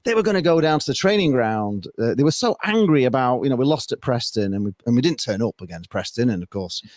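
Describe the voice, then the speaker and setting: Rambling, animated man chatting football. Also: mid-range voice, quick pace, dry recording, studio quality. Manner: rambling, animated, laughs often. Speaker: podcast guest. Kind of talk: casual football chat.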